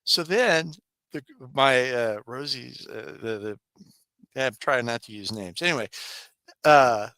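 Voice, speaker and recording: A man's voice: unhurried, smooth, dry recording. A man co-hosting a podcast, telling a work story in casual chat, laughing often and acting out coworkers. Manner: animated storyteller, laughs often, acts out coworkers in higher voices. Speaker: podcast co-host.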